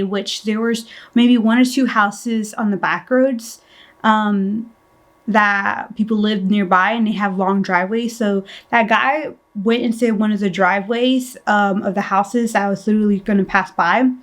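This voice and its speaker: A woman's voice: mid-range voice, fairly even intonation, unhurried. A woman in her twenties telling a personal story in a casual vlog, chatty, with frequent "like", restarts and casual swearing. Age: 20s. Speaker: vlogger.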